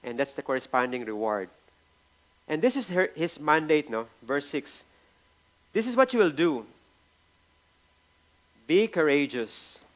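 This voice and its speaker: A man with a Filipino accent delivers a sermon in a slightly high voice. He leans on repetition for emphasis and keeps checking in with his listeners before pressing his point. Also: very animated, measured pace, long pauses, a bit bright. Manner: emphatic preaching, repeats phrases, tag "no?" often. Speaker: pastor.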